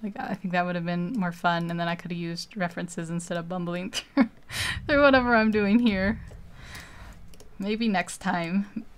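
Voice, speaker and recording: A woman's voice: lowish voice, fairly quick, clear, resonant tone. A woman live-streaming while she draws, chatting casually and rambling, laughing often between thoughts.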